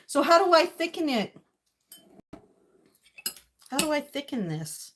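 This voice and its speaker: In a home kitchen with dishes and cutlery clinking, a cooking vlogger chats casually with her viewers, rambling to herself and laughing often. Her voice sits high and sing-song, a little slow and a bit bright, with slight background noise.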